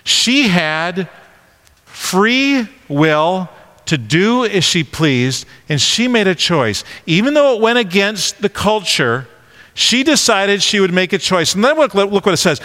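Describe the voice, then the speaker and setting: A man preaching a conversational sermon, animated and full of questions. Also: high-pitched, takes it slowly, in a large hall.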